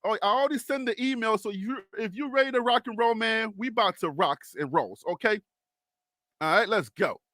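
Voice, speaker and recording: A man hosting a live sports stream, excitable and teasing, calling out chat names in what he calls his radio voice. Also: high voice, normal speed, no room sound, clean studio sound. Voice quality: self-described radio voice.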